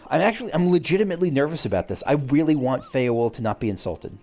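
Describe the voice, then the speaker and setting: A man's voice: mid-range voice, animated, quick pace, dark tone, faint music behind. A man hosting a let's play, chatting casually and thinking aloud with self-deprecating asides. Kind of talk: casual game commentary.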